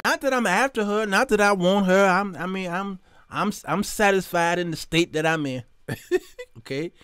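A man hosting a live talk show, telling stories with animated, preacher-like emphasis and greeting viewers by name. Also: high voice, moderate pace, smooth, no room sound. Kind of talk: live talk show monologue with chat shout-outs. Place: studio.

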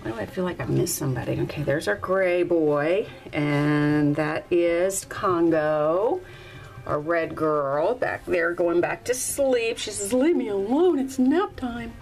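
A woman's voice: takes it slowly, vocal fry, soft background music, low-quality recording. Chatty woman filming a puppy litter. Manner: chatty, coos at the puppies in a high baby-talk voice. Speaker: dog breeder. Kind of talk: casual narration while filming puppies. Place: indoors at a puppy litter area. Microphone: handheld camera, filming one-handed.

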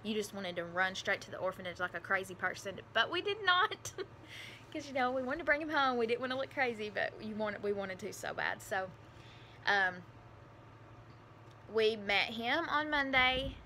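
A woman tells a personal story to her camera, her voice bright and forward. She talks in an emotional, rambling way, full of fillers and restarts. A faint hiss sits under the recording. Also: fairly high pitch, expressive, normal speed. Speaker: vlogger telling her adoption story.

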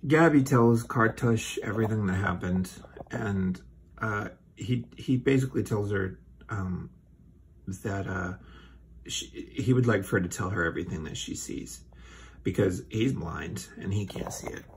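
Low-voiced guy snarking his way through a kids book, faint hiss behind. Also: a little slow. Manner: dry, sardonic asides. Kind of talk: sarcastic comedic book reading.

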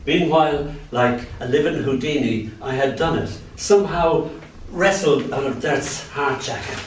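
An older Irish man reading his poems aloud at a live event, playful and lilting, with sudden swings between soft and loud. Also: medium pitch, expressive, normal speed, a little hiss or hum. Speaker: poet. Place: event venue. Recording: echoey room from far off, faint ambience.

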